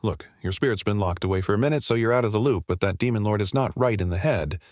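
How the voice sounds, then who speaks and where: A man voicing an excitable adult male fighter who fanboys eagerly. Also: lowish voice, fast talker, no echo, studio quality, close to an everyday voice. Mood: excited. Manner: hyped, eager.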